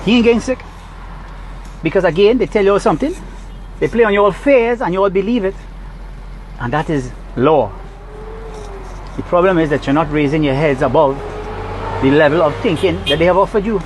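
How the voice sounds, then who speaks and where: A man's voice: sits high, fairly quick, pauses often, a little hiss or hum, poor audio. A Trinidadian man recording a heated, scolding rant from his parked car. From Trinidad and Tobago. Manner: agitated, preachy, scolding. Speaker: vlogger.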